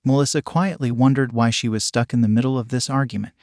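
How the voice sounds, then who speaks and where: A man narrating a fan-written story in an even, steady reading voice. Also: medium pitch, quick pace, dry recording, clean studio sound.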